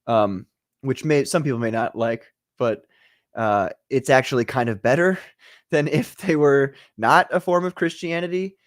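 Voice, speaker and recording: A man's voice: medium pitch, a little slow, no room sound, studio quality. A man hosting a casual livestream chat, loose and joking as he reads out viewer comments. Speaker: show host.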